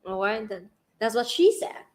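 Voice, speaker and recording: A woman from Central Vietnam with a Vietnamese accent, hosting a casual livestream chat, bubbly and quick to laugh. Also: mid-range voice, lively intonation, a little mellow. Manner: bubbly, laughs often, reads donation questions. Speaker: livestream host.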